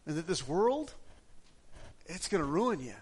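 A man's voice: a little high, big pitch swings, a little slow, slightly rough. A middle-aged male pastor preaching a sermon in a conversational, storytelling way, often restarting his sentences.

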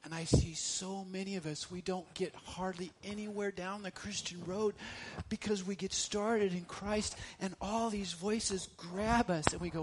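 A middle-aged man preaching a sermon as a pastor, swinging between loud emphasis and hushed lines, repeating phrases for effect. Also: high voice, steady tone, a little slow, hardly any pauses, noisy background.

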